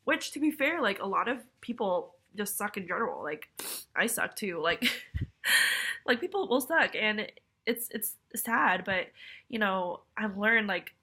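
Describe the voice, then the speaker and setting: Sniffly and stuffed up from a cold, this young woman vlogger talks at a measured pace in an animated, mid-range voice that's husky, pushed, and bright. Her casual video message rambles along, self-deprecating and packed with fillers and apologies.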